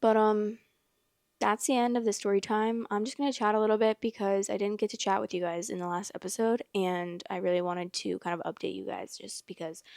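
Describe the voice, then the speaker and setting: Creaky-voiced young woman, casual storyteller. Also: medium pitch, no room sound, clean studio sound. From Iowa. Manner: chatty, blunt reactions with swearing asides. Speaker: host. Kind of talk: casual reading of online stories with commentary.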